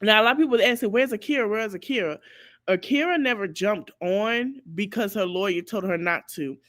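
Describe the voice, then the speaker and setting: A woman hosts a podcast with lively, casual commentary, talking right at her viewers. Her voice sits at an ordinary pitch for a woman. The sound is dry and close, with no room around it. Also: fairly quick, no room sound. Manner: animated, talks straight to viewers. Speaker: podcast host.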